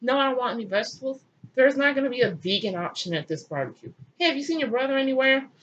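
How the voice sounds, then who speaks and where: Женщина изображает капризного бога-мужчину. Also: female voice, high voice, lively intonation, fast, a bit bright, highs cut off, voice pushed up. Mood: snide. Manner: snotty, whiny, sarcastic. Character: bratty petulant male God.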